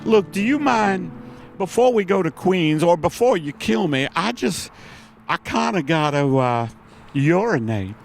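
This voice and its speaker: A man's voice: sits high, animated, unhurried, gravelly, soft background music, pitched above the performer's own voice, full character voice. Man doing a drawling southern hitchhiker woman. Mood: unbothered. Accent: put-on American Southern.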